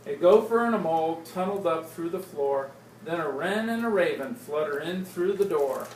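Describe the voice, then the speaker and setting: A woman slowly reading a picture book aloud to small children, playful and stopping to ask them questions. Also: low voice, lively intonation. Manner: slow, playful, asks the kids questions. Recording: roomy, distant, noisy home recording.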